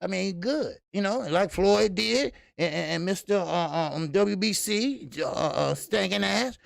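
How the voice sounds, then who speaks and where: Speaking a little slowly in a high, creaky voice with lively intonation, the host runs a live boxing stream in studio-quality sound with no room echo. He greets viewers and rants casually, swearing often and rambling with many fillers.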